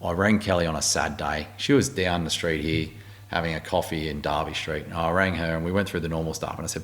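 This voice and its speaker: A man's voice: very deep voice, brisk. A middle-aged Australian man, an army warrant officer, telling blunt, swearing war stories in a casual interview. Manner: blunt, swearing, animated storyteller.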